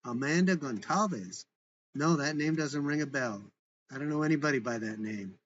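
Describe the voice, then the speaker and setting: A man's voice: fairly high pitch, expressive, normal speed, a bit bright, lo-fi sound, slight background noise. A man voicing a poised woman landlord who puts on an authoritative American business voice, with an indignant manner.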